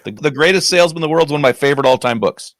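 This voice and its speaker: Male podcast host, slightly high voice, dry close sound, keen. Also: lively intonation, rapid-fire, a bit bright, no room sound. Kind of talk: interview questions.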